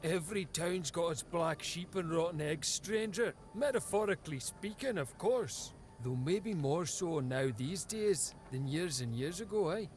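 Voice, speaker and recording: A man's voice: fairly high pitch, expressive, measured pace, hardly any pauses, soft background music. An actor playing a folksy, talkative male villager in a video game, homespun and chatty. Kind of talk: voiced game dialogue.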